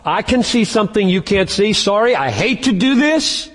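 A man preaching a sermon as pastor, emphatic and slowing down to stress key words. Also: high-pitched, animated, a bit bright. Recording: long hall reverb.

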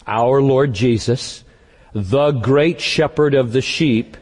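A man preaching a sermon as pastor, emphatic and slowing down to stress key words. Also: mid-range voice, a little mellow, husky. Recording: long hall reverb.

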